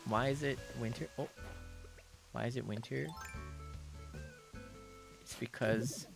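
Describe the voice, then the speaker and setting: Slow, gravelly-voiced woman streamer. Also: rumbling low. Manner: rambling, self-mocking, laughs often. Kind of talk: casual chat while gaming.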